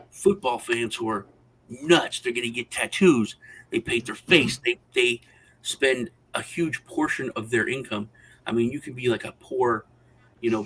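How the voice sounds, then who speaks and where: A man's voice: mid-range voice, fairly bright tone, a little hiss or hum, rough recording. Man rambling through a story. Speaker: co-host. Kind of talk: casual roundtable chat.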